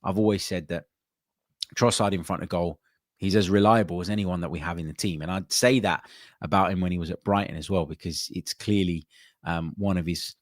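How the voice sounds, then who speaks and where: A man with a very low, steady voice hosts a live football podcast, speaking loosely with plenty of ums and uhs. He reads viewer comments aloud and reacts to them. The recording is close and dry, with little room sound.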